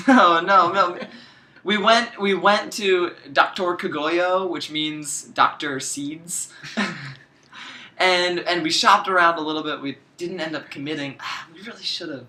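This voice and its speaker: A man's voice: sits high, unhurried, sharp tone. A young American man in casual chat about studying abroad, laid-back and laughing as he jokes. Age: young adult.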